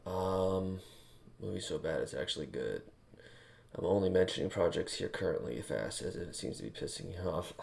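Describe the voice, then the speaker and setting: Gravelly low-voiced man, crude banter. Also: normal speed, darkish tone. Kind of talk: casual chat while working.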